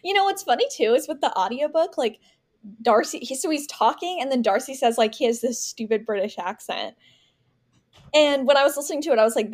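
A podcast co-host chats casually about a book in a fairly quick, animated voice that sits on the high side with a darkish tone. She's talkative and fills her speech with lots of "like."

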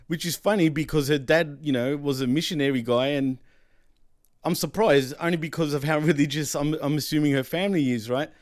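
A man co-hosting a casual wrestling podcast, chatty and quick to laugh, often saying "let's be honest". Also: fairly high pitch, no room sound, studio quality. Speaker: podcast co-host.

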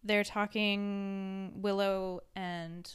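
A woman's voice: mid-range voice, flat delivery, drawn-out words, clean tone. A woman guest on a podcast, chatting casually and animatedly about a TV episode. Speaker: guest, host's sister. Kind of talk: casual chat.

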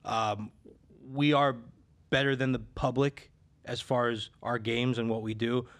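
A man of middle pitch talks casually as a betting advisor. He tells his stories loosely, starting over and filling gaps with little sounds. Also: little pitch movement, unhurried. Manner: storytelling, many restarts and fillers. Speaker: sports betting handicapper. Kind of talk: casual podcast chat.

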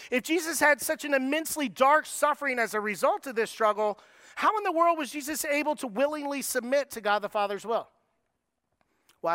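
A middle-aged man preaching a sermon, moving between lively, raised passages and soft, slow, quiet lines. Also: very high voice, no echo, clean studio sound. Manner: preaching with dramatic shifts in tone, acting out voices. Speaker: pastor.

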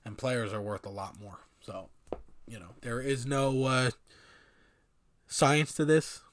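A man's voice: medium pitch, slow. A man giving a casual, rambling sports opinion monologue with many fillers and sardonic asides. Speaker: sports commentator.

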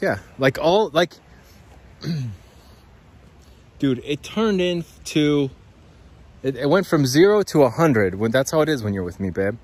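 A man's voice: a little high, expressive, slow pace, long pauses, darkish tone. A man rambling and swearing through a podcast monologue as he walks outdoors by a creek. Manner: rambling, profane, talks to listeners as guys. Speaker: podcast host. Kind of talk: rambling walk-and-talk monologue.

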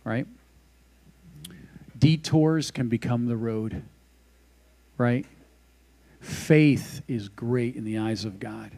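A man's voice: mid-range voice, dark tone. A man who works at a church, giving a casual devotional sermon with scripture reading and a closing prayer. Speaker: pastor.

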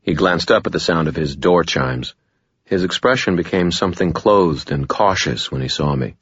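Very deep-voiced man narrating an audiobook. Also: animated, moderate pace, a bit bright, husky, no echo, highs cut off. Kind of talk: first-person scripted narration.

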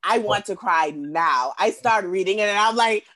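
Speaking at a normal speed with a medium-pitched voice, a Bahamian woman guest shares a personal story during casual conversation. She's lively and acts out other people's lines, repeating words as she goes.

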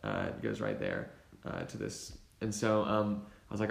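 A young man in casual chat, telling a rambling story in a relaxed way, full of fillers. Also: rumbling low, measured pace, gravelly. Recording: roomy echo.

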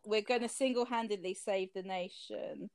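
A woman's voice: medium pitch, normal speed, a little mellow, dry recording. A woman co-hosting a casual chat podcast in a mid-range voice. She is giggly and cheeky and swears freely. The sound is dry and close. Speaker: podcast co-host.

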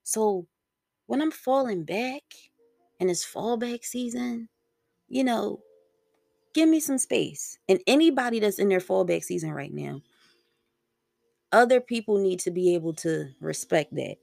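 A woman's voice: medium pitch, animated, a little slow, creaky, long pauses, a little mellow, dry recording. A young woman hosting her own podcast solo, talking in a casual, slangy, rambling way and swearing freely. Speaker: podcast host.

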